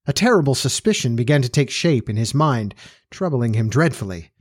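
A man narrating a story in a measured, steady reading style. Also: medium pitch, no echo, clean studio sound.

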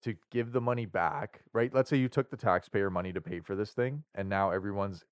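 A low-pitched man swaps profane, laughing stories in a loose podcast chat. His voice is deep and sits close and dry on the mic. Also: brisk, dry recording. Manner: profane, joking storyteller who laughs a lot. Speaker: podcast co-host. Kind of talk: casual chat.

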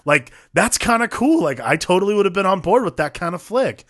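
A man's voice: sits high, very animated, fairly quick, fairly bright tone. A man co-hosting a casual movie review podcast, rambling and profane, full of fillers. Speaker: podcast co-host.

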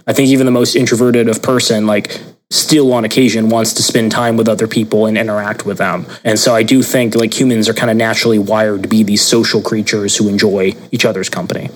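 A man's voice: medium pitch, fairly quick, poor audio. A young man co-hosting a podcast, chatting casually and acting out the people he quotes. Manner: animated, acts out quoted people in voices. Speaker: podcast co-host. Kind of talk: casual conversational chat.

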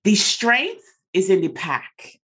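A woman's voice: mid-range voice, sing-song, slow pace, a bit bright. Emphatic, encouraging woman host. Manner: emphatic, encouraging, uses rhetorical "right?" and "listen". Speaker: podcast host. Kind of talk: casual podcast conversation.

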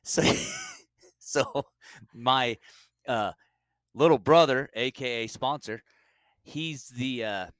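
A man co-hosting a podcast, telling a stand-up comedy bit with animated storytelling and sudden high mock voices. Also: takes it slowly, pauses often, no echo, clean studio sound. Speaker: podcast co-host.

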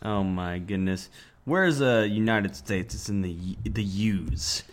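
A young adult man co-hosting a casual podcast chat, rambling with lots of fillers and quick to laugh. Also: lowish voice. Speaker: podcast co-host.

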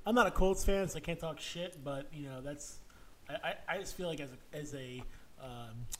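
A man's voice: on the high side, moderate pace, a bit bright, a little hiss or hum. A man co-hosting a sports podcast, making crude jokes and stammering through restarts in casual banter. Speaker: podcast co-host.

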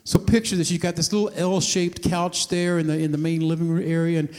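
A man's voice: fairly high pitch, level tone, a little fast, a little mellow, in a large hall. A man preaching a sermon, retelling a scene as a story and acting out the voices of the people in it. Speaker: pastor.

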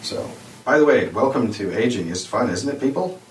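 A man's voice: medium pitch, expressive, normal speed. A man in his forties co-hosting a podcast, rambling and playful, sometimes slipping into silly voices. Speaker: podcast co-host. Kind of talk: casual chat. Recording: echoey room, distant from mic, faint hiss.

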